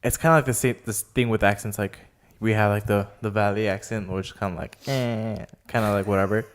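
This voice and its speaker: A man's voice: fairly low pitch, little pitch movement, fast, slight background noise. A man co-hosting a casual podcast, giving opinions hesitantly with lots of fillers. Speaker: podcast co-host. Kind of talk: casual chat.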